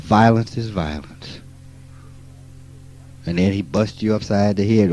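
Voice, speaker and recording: A man, giving a spiritual talk in a blunt, profane, emphatic way that swings from quiet asides to loud outbursts. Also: deep voice, a little slow, pauses often, poor audio. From rural Mississippi. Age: 50s. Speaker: spiritual teacher. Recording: archival 1989 talk recording.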